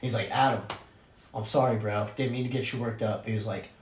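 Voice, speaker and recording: A young man, a podcast host, telling a story in casual chat, animated and profane, acting out the voices of people he quotes. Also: fairly low pitch, fairly quick, a little hiss or hum. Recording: roomy echo.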